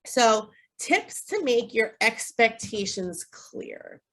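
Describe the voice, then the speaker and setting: A woman's voice: a little high, very animated, takes it slowly, fairly bright tone. A woman in her thirties, a behavior analyst giving a casual parent workshop, chatty with lots of fillers and tag questions, acting out upbeat phrases for kids. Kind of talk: casual online parent training talk.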